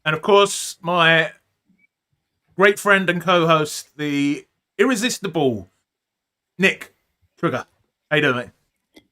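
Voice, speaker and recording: A man's voice: on the high side, slow, pauses often, bright, forceful tone. A man hosting a casual live podcast chat, joking and rambling, with lots of ums and uhs. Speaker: podcast host.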